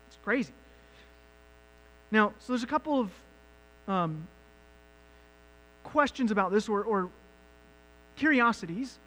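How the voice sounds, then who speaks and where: High-voiced pastor preaching with rising fervor. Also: male voice, expressive, moderate pace, long pauses, poor audio. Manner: builds from quiet reflection to loud emphatic questions. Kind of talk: sermon.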